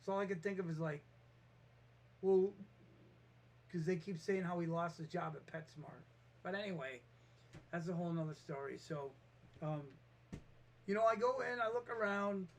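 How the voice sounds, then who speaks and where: High-voiced man telling a rambling story. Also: normal speed, long pauses, slight background noise. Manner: rambling, animated, restarts and acts out quotes. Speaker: vlogger. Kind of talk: casual storytelling monologue.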